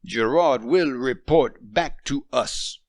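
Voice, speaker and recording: A man's voice: medium pitch, expressive, moderate pace, fairly bright tone, dry recording, studio quality, pitched above the performer's own voice. A man voicing a stubborn, domineering French husband past fifty who speaks sternly and commands.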